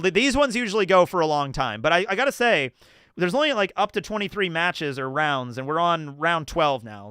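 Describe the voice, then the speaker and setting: Lively high-voiced male streamer. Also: smooth, no room sound, studio quality. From New Jersey. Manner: chatty, laughs often, casual swearing. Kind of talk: casual livestream commentary.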